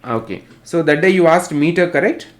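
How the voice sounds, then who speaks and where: A man's voice: fairly high pitch, brisk. A male teacher with an Indian English accent giving an online literature class, spelling out terms and repeating definitions.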